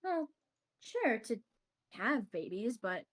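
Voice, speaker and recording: A woman's voice: medium pitch, steady tone, moderate pace. A woman player at a tabletop game who talks in a chatty, playful way. She moves freely between speaking as her character and speaking at the table. Her voice sits in a medium range. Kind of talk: casual tabletop role-play.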